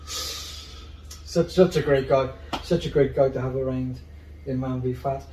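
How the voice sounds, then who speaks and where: A man's voice: medium pitch, steady tone, a little slow, noisy background. A man with a Bristol accent hosting a casual interview, playful and teasing with his guest. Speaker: host. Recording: roomy, distant mic.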